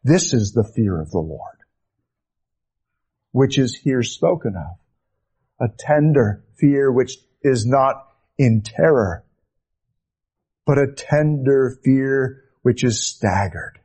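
A man preaching a sermon, slow and deliberate, rising to fervent emphasis and sinking to hushed, soft phrases. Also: mid-range voice, lively intonation, husky.

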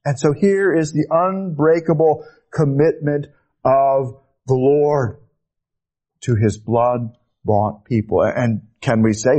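A man preaching a sermon, slow and deliberate, rising to fervent emphasis and sinking to hushed, soft phrases. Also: medium pitch.

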